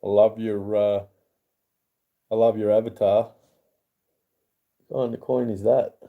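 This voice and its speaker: An Australian man hosting a casual livestream, chatting and reading chat aloud. He greets viewers in a raised, higher voice. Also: steady tone, measured pace, narrow, tinny audio. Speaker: livestream host.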